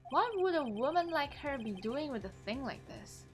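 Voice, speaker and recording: A woman streamer reading game dialogue aloud, expressive and animated, with casual asides. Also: sits high, moderate pace, over music.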